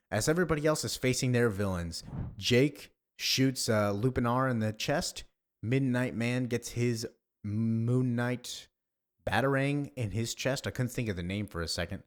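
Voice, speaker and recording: A man's voice: mid-range voice, animated, normal speed. A man casually narrating a comic book, adding chatty asides between the characters' lines. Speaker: comic reader, voice-over creator.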